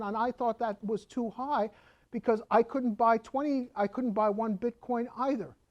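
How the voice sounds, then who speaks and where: A woman's voice: fairly high pitch, darkish tone. A woman, an accountant giving a conversational lecture that she explains with rhetorical questions and asides.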